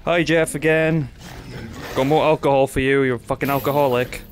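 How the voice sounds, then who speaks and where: A man's voice: medium pitch, steady tone, normal speed, slight background noise. A man commentating his own play of a game, nervous and profane, yelping and muttering to himself. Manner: jittery, swearing, yelps in panic. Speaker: gaming YouTuber. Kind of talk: live let's-play commentary.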